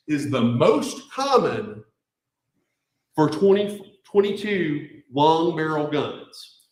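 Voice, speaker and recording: A man, a defense attorney, giving an emphatic closing argument to a jury with pointed rhetorical questions, recorded at a courtroom podium mic. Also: fairly high pitch. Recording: echoey courtroom.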